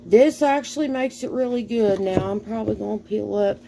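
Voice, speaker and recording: A woman's voice: mid-range voice, vocal fry, warm tone, slight background noise. A middle-aged woman from the American South with a Southern accent, chatting casually and folksily while cooking. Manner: slow, folksy, rambling with fillers and sighs. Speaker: cooking vlogger.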